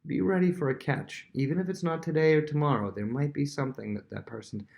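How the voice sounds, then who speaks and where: A man's voice: fairly high pitch, fast talker, gravelly, a little mellow. A man who is a worship leader, teaching a casual Bible lesson with everyday examples and frequent restarts.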